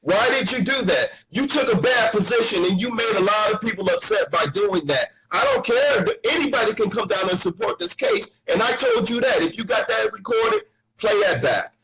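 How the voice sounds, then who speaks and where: A man's voice: high-pitched, lively intonation, moderate pace, bright, forceful tone, rough recording. A man, a pastor, in a heated live argument, accusing the other man and repeating his questions insistently.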